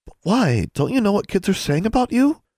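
A timid young witch schoolgirl, nervous and pleading, as a man reads her. Her lines climb high and wobble with worry. The sound is close and dry. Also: very animated, brisk, a little mellow, no room sound, heavily acted. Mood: anxious.

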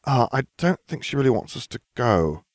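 A man's voice: medium pitch, very animated, moderate pace, dry recording, studio quality, voice pushed up. A man voicing a clumsy, eager teenage boy wizard who talks awkwardly.

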